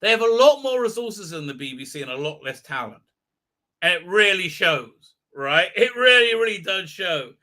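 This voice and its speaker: A man hosting a livestream, rambling excitedly through a casual movie recap with lots of fillers. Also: sits high. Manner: rambling and excitable, with many fillers and quick tangents. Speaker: livestream host.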